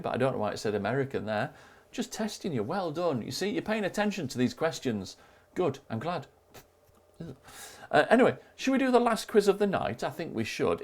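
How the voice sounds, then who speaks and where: A jokey man runs a live online quiz from home, his voice bouncing lively up and down as he calls out scores. Soft music plays faintly behind him. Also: medium pitch. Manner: cheery and jokey, reading out scores. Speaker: quiz host.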